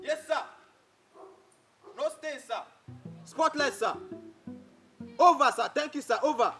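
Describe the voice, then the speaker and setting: A man's voice: extremely high pitch, slow pace, music in the background, exaggerated voice. A man playing a stern soldier who speaks in clipped, formal bursts and keeps saying sir. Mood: dutiful. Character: stern male soldier giving orders by phone.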